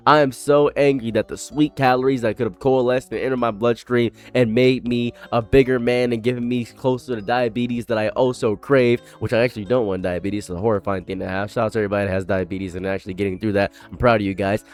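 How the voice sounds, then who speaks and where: A young man delivers an exasperated commentary rant in an ordinary mid-pitched voice. He lurches from loud, high outbursts down to grumbling mutters. Quiet music sits under his voice. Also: steady tone, fairly quick, few pauses. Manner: loud exasperated ranting, swinging from shouts to muttering. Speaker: commentary YouTuber. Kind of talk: ranting commentary.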